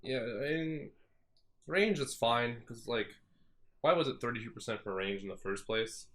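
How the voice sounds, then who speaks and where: A man's voice: medium pitch, a bit bright. Questioning man in casual gaming chat. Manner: quick, questioning, repeats words. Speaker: co-host. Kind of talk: casual group discussion.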